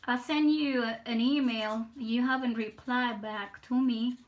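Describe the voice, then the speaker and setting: A woman chatting casually with viewers on her live art stream, rambling and pausing to greet people. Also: on the high side, fairly even intonation, poor audio. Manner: rambling, talking to chat viewers.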